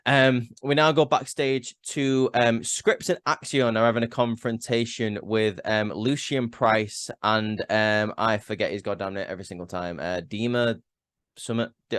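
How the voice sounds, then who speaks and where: Male reviewer, mid pitch, casual and opinionated, dry close sound. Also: fairly bright tone, smooth, no room sound. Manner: rambling, frequent "um" and restarts, opinionated. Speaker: wrestling show reviewer.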